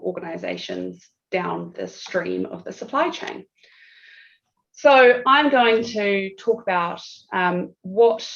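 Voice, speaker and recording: Over dull, lo-fi video call audio, a woman with a New Zealand accent presents a legal webinar. She is chatty and self-deprecating, using lots of fillers, and her mid-range voice has vocal fry.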